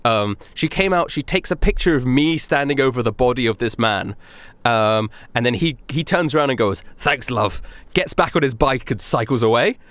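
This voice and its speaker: A man's voice: medium pitch, expressive, moderate pace, few pauses, fairly bright tone, no room sound. A young man from Europe co-hosting a podcast, rambling through travel stories with laughs and acted-out voices. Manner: rambling anecdotes, laughing, acting out other people's lines. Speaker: podcast co-host. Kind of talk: casual chat.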